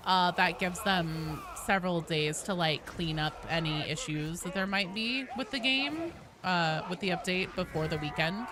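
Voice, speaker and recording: A young woman streaming a game, chatting casually and greeting viewers with bursts of excitement. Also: on the low side, noisy background. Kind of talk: casual gaming stream chat.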